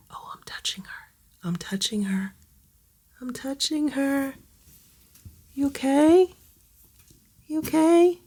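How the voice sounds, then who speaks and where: Casual home vlogger, woman, mid pitch with a gravelly edge, soft coaxing baby talk to a scared kitten. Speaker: cat rescue vlogger. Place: home, indoors by a cage.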